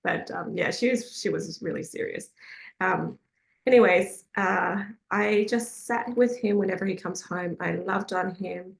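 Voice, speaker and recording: Speaking at a measured pace in a lowish voice with vocal fry, an Australian woman leads a faith group and casually relates a personal story. Her talk is full of fillers, hesitations, and frequent laughs, and the room sound is echoey.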